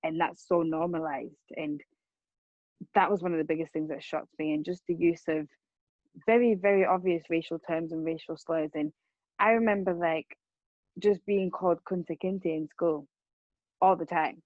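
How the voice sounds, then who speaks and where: Telling of her own experiences, a young Rwandan woman who speaks about racism talks in an earnest, casual manner, circling back and repeating words. Her fairly low, steady, darkish voice moves at normal speed. The audio is dull, with no room sound.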